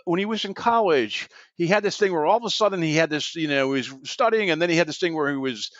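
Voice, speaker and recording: A man hosting a podcast, asking questions in a chatty, animated way and laughing easily. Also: a little high, quick pace, no room sound, dull audio. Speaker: podcast host. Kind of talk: casual interview.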